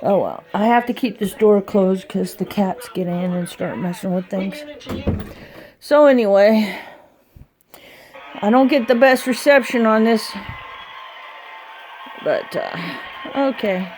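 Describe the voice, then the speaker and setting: A woman vlogger rambling casually and thinking out loud while doing chores around her home and yard. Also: medium pitch, slow pace, long pauses, a little hiss or hum.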